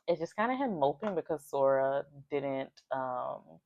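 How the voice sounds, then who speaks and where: A woman's voice: a bass voice, lively intonation, unhurried, a little mellow, no echo, muffled recording. A woman casually recapping a book's chapters in a chatty way, full of "like" fillers and bits of acted-out quotes. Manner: chatty, with many "like" fillers, acting out quoted lines. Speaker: book reviewer.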